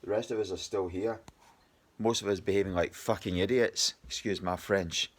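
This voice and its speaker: Low husky scottish guy in his 50s, exhausted, swearing a lot, rambling video diary rant. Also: steady tone, moderate pace. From Scotland. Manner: agitated, rambling, heavy swearing. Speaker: video diarist.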